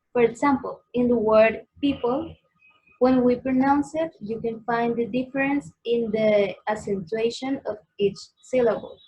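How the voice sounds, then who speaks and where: A young woman from Colombia with a Colombian accent, a native Spanish speaker giving a class presentation carefully, pausing on um and uh. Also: fairly high pitch, a little mellow, low-quality recording. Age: young adult. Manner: careful, with um and uh pauses. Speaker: student presenter.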